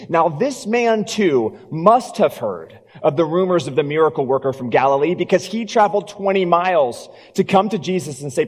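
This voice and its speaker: Man preaching in a reverberant hall. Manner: storytelling, drops low and soft for emphasis. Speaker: pastor. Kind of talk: sermon.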